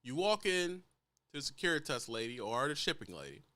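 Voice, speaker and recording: A man's voice: mid-range voice, very animated, a little fast, pushed and bright, no room sound. A man who drives trucks, bluntly lecturing younger drivers in a casual, profane vlog rant. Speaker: truck driver giving advice.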